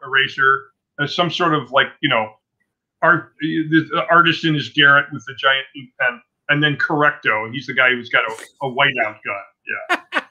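A man in his sixties talks through his career as an interview guest, his voice cutting and bright. He rambles, doubles back and restarts his sentences as the anecdotes pile up. The recording is muffled and lo-fi. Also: medium pitch, steady tone, normal speed. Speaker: comic book artist guest. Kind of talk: casual interview storytelling. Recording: dull lo-fi sound.

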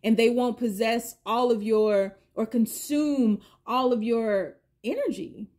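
A woman's voice: on the high side, slow pace, a little mellow. A middle-aged woman giving a collective tarot reading, musing aloud and asking the universe the same questions again and again as she pulls cards. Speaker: tarot reader.

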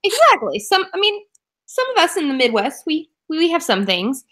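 A chatty woman from Oklahoma talks books on a live stream and answers viewers as she goes. Her voice is bright and a little high. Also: huge pitch swings, normal speed. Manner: chatty, reacts to viewer comments. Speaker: book club co-host. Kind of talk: casual live-stream chat.

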